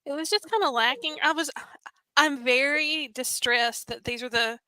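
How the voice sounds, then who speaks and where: Woman, podcast co-host, giggly wry chatter, bright tone, dry close sound. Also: high voice, moderate pace, no room sound, poor audio. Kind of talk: casual movie review chat.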